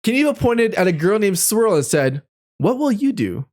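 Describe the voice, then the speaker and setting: A woman's voice: mid-range voice, big pitch swings, moderate pace, darkish tone. A young woman reading an AI-written story aloud, reacting with giggly, shrieking exclamations. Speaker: streamer.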